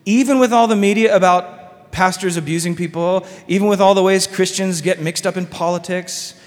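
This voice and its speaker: A man's voice: sits high, fairly even intonation, moderate pace, big-room sound. A man preaching a sermon as pastor, casual and conversational, full of fillers and asides. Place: church sanctuary.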